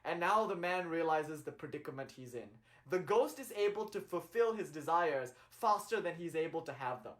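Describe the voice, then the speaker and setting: A man's voice: on the high side, animated, normal speed, hardly any pauses, a bit bright. A man telling a spiritual story in a casual, chatty way, with many fillers and laughing asides. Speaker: spiritual speaker.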